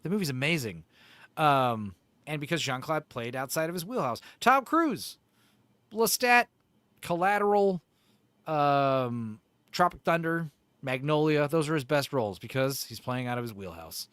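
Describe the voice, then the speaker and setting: A man's voice: medium pitch, lively intonation, moderate pace, a bit bright, no echo. Joking, foul-mouthed man hosting a stream. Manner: profane, rambling and jokey. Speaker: livestream host. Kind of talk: casual chat reacting to a video.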